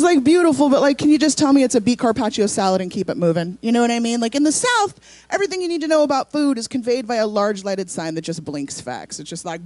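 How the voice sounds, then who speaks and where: A woman's voice: a little high, a little fast, dry recording. A woman from San Francisco doing a brash, profane stand-up set at an outdoor festival stage. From San Francisco, USA. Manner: brash, profane, animated storytelling. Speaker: stand-up comedian.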